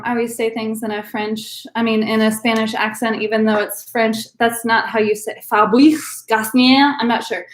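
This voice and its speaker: A woman hosting a live-streamed virtual wine class, chatty and upbeat, with lots of "um" fillers. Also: fairly high pitch. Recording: roomy echo.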